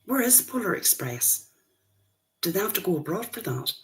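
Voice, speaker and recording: A woman's voice: on the low side, very animated, moderate pace. A woman in her fifties, a grandmother, hosting a casual livestream and chatting with viewers, greeting them by name as they join. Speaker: livestream host.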